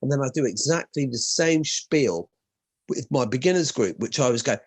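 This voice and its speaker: An Irish man who teaches martial arts, telling stories in an animated way and swearing freely in a casual chat. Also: medium pitch, moderate pace, breathy edge, dry recording. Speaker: martial arts instructor and co-host.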